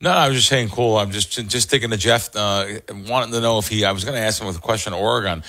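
A man on a sports radio panel making quick, mumbled asides away from the microphone. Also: on the low side, sharp tone. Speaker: radio co-host, sports bettor.

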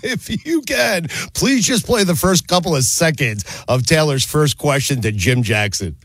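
A man's voice: mid-range voice, moderate pace, dry recording, clean studio sound. A man hosting a sports talk show, bantering and laughing a lot. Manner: laughing, excitable. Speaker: sports radio host. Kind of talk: casual chat.

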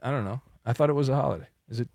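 A man's voice: medium pitch, very fast, gravelly, a little mellow, dry recording, clean studio sound. A man hosting a sports radio call-in show, teasing callers in a joking way.

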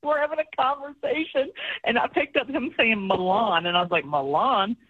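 A man's voice: extremely high pitch, animated, brisk, slightly rough, narrow, tinny audio. A man co-hosting a morning radio show, telling a personal story casually and laughing through it.

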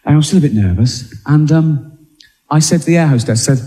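A man's voice: on the high side, a little fast, dark tone. A man telling a self-mocking stand-up story in a dry way. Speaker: stand-up comedian. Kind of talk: stand-up routine. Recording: reverberant hall.

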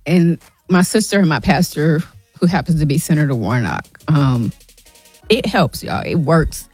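A woman's voice: sits low, expressive, normal speed, a little mellow, slightly rough, dry recording, faint music behind. A middle-aged woman guest on a radio show, speaking with earnest urgency and often saying "y'all". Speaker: guest, nonprofit founder. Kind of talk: emotional radio interview.

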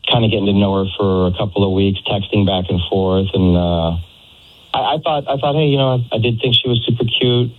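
A man's voice: lowish voice, a little hiss or hum. A man on a phone call telling a story about a date, hesitant and full of fillers. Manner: hesitant, many fillers and restarts. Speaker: caller on the phone. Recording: tinny phone line.

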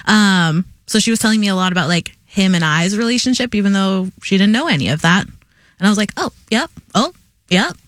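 A woman's voice: mid-range voice, brisk, dry recording, clean studio sound. A young woman who tells stories in a chatty, giggly way as a guest co-host on a radio talk show. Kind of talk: casual chat.

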